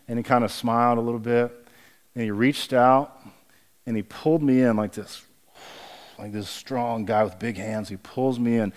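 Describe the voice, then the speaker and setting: Earnest pastor telling a story. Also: male voice, mid-range voice. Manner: hushed and halting in sad memories, rising and emphatic when preaching. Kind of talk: sermon with personal storytelling.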